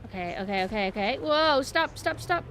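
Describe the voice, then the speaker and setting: A woman streamer giving casual gameplay commentary, chatting to her viewers and jumping to high squeals when flustered. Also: expressive, a little fast, a crowd in the background.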